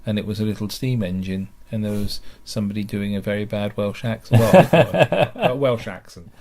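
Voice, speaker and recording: A man's voice: lowish voice, moderate pace, darkish tone. A middle-aged man chatting as a regular podcast guest, reflective and wry. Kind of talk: casual chat.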